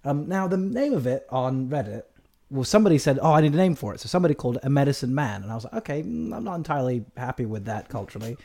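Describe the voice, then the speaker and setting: A man's voice: mid-range voice, very animated, very fast, darkish tone. A man hosting a casual chat, talking in a loose, chatty way with frequent laughs and hedging asides.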